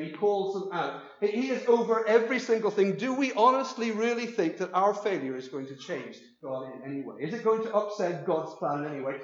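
Man, preacher, sermon, emphatic, repeats phrases, high voice, echoey church. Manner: earnest, emphatic, repeats phrases, animated when quoting. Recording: echoey, dull lo-fi room recording.

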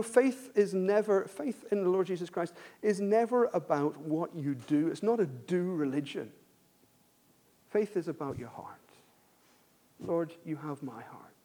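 This high-pitched man delivers a sermon, veering from quiet, hushed questions to loud emphatic outbursts. He tells stories and often restarts his sentences.

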